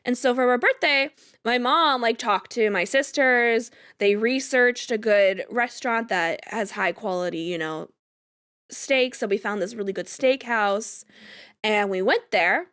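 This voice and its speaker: Young woman, high animated voice, rambling casual storytelling, dry close sound. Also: unhurried, clean tone, dry recording. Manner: rambling, animated, lots of "like" fillers, laughs while telling. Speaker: game streamer.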